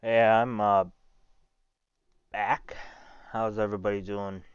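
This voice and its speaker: A man's voice: on the low side, flat delivery, slow, clean tone, no room sound, highs cut off. A man on a live weather stream, thinking aloud in a casual way as he studies radar.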